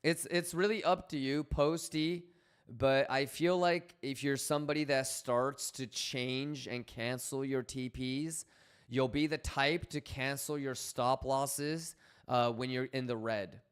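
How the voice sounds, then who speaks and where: Guy hosting a stream, smooth clear voice, hyped and joking with chat, swears a lot, repeats stuff. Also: medium pitch, slow pace. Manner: energetic, profane, joking with chat; coaching, repeats himself. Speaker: livestream host. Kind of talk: casual livestream chat.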